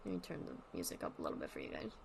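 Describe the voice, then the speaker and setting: A woman's voice: a bass voice, huge pitch swings, rapid-fire, gravelly, a little mellow, a little hiss or hum. A woman streamer giving casual commentary while playing, rambling and thinking aloud with lots of fillers.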